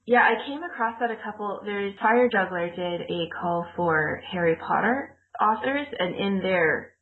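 Here the podcast co-host has a mid-range, expressive voice and takes her time. She's a woman rambling through a casual chat, frequently laughing as she corrects herself, heard over thin, phone-like audio.

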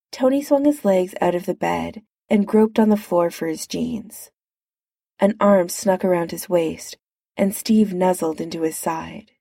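Slow, gravelly woman reading a story. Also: lowish voice, dark tone, no room sound, clean studio sound. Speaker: narrator. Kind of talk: reading fan fiction aloud.

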